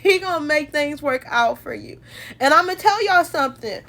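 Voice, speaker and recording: Tearful at times, this woman talks emotionally about her faith on a phone livestream, addressing her viewers as y'all. Her high voice has lively intonation and a pushed, bright quality, at a moderate pace.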